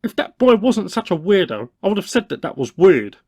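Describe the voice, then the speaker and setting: A man's voice: high-pitched, sing-song, a little fast, warm tone, breathy edge, full character voice. A man voicing a sly young male neighbour, teasing and dryly sarcastic. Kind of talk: cartoon voice acting.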